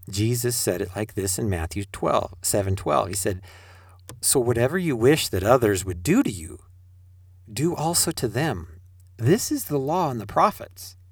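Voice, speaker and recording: Lively-voiced man giving a sermon. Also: mid-range voice, no echo, studio quality. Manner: rhetorical questions, addresses listeners directly. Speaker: spiritual teacher. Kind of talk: sermon-style talk.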